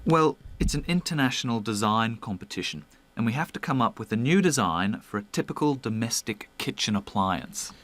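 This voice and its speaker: A man's voice: medium pitch, lively intonation, normal speed, hardly any pauses, a bit bright, natural voice. A man playing a young design student in a scripted exam listening recording, earnestly explaining his invention.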